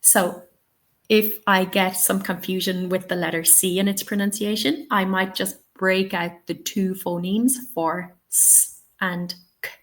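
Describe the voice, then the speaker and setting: A woman's voice: medium pitch, steady tone, a little slow, a bit bright. A woman running a teaching webinar, encouraging and checking in often with "okay?" and "yeah?". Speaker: TEFL trainer.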